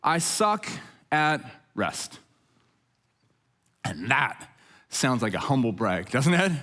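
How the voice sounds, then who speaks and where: A middle-aged man preaching a conversational sermon as pastor, telling stories with jokes and lively asides. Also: medium pitch, slow. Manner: jokey, animated storytelling with asides.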